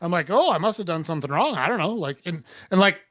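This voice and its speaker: Guy telling a story on a podcast, pretty high voice, relaxed, swears a lot, super dry mic. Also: fast talker, no echo. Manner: laid-back, swears casually, acts out dialogue. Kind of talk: casual storytelling.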